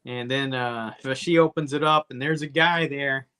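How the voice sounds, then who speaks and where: A man's voice: mid-range voice, fairly even intonation, normal speed, bright, forceful tone, clean tone. A man co-hosting a comedy movie podcast, recapping a film in a profane, rambling way with jokey asides. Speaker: podcast co-host. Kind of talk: casual comedy movie review.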